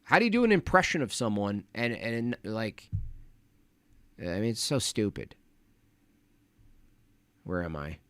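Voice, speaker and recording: A man's voice: lowish voice, wildly swooping pitch, measured pace, long pauses, a bit bright, clear, resonant tone, no echo. Man rambling through a casual livestream. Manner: rambling, distracted, mutters to himself. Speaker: livestream host reading chat donations.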